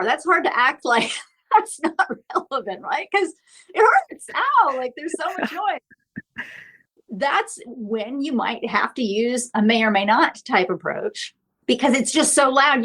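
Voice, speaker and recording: A woman's voice: on the high side, a bit bright. A middle-aged woman therapist, a podcast guest, explaining earnestly and often checking in with "right?". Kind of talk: podcast interview.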